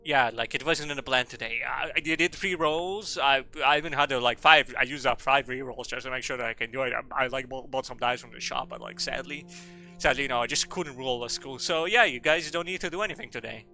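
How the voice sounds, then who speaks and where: A man's voice: medium pitch, brisk, bright, forceful tone, faint music behind. A man streaming a game, rambling and joking with casual swearing. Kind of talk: casual gameplay commentary.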